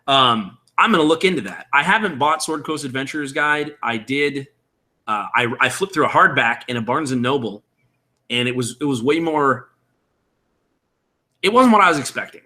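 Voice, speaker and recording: A man's voice: mid-range voice, expressive, moderate pace, sharp tone. A man explaining character creation on a live stream in a casual, rambling way, thinking aloud and answering viewer chat. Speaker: streamer building a game character. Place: room at home with window blinds.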